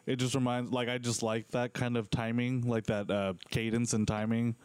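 Smooth-voiced man hosting casual chat. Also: medium pitch, flat delivery, normal speed, a little mellow, no room sound. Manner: chatty, rambling, frequent fillers.

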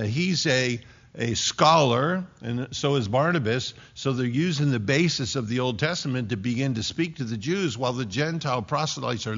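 A pastor preaches an expository sermon in a church, emphatic and dropping folksy asides between scripture readings. His mid-range voice has a fairly bright tone, captured in a dull lo-fi recording.

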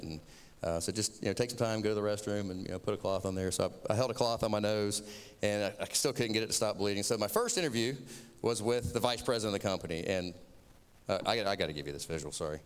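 A man's voice: on the low side, fast talker, clean tone, long reverb tail. A man from Florida with a Southern accent, giving a sermon as a chatty, self-mocking personal story.

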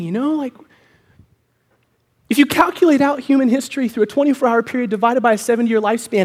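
A man's voice: extremely high pitch, quick pace, darkish tone. A man pastor, preaching a sermon in a church, telling stories and acting out voices before building to a fervent proclamation. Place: church sanctuary.

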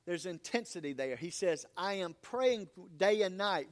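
A man's voice: high-pitched, lively intonation, unhurried, hardly any pauses. A man preaching a sermon as pastor, earnest and emphatic.

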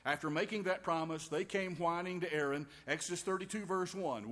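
A man's voice: fairly high pitch, fairly quick, fairly bright tone. A man preaching a sermon in a folksy, wry way, with homey quips and asides to his listeners. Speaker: pastor. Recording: long reverb of a large hall.

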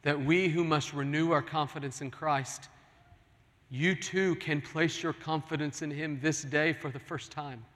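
Earnest pleading pastor in a big hall. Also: male voice, on the high side, steady tone, measured pace, a bit bright. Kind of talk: sermon. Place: large church sanctuary. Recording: long hall reverb.

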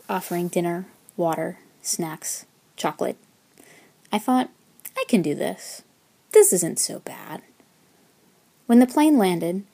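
A woman's voice: lowish voice, dark tone. Wry young American woman storyteller. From United States. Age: young adult. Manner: wry, self-deprecating. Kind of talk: personal storytelling.

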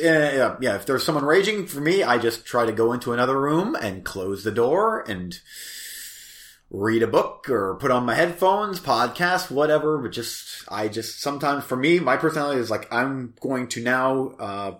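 A man co-hosting a podcast in casual chat, easygoing and quick to laugh. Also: mid-range voice, expressive, fairly bright tone. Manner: laughs often, easygoing, reflective. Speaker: podcast co-host.

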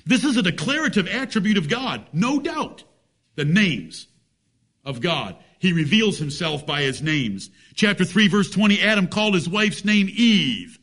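Emphatic man preaching, higher voice. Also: big pitch swings, measured pace, fairly bright tone. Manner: emphatic, rhetorical questions and folksy jokes. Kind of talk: sermon.

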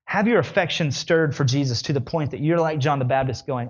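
A man preaching a sermon in an animated way, his voice climbing high when he voices the questioners. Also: a little fast, few pauses, husky, dull audio.

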